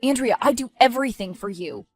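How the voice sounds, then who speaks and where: A woman voicing a worried, earnest young man who is about to become a father, speaking softly. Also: on the high side, expressive, a little fast, faint music behind.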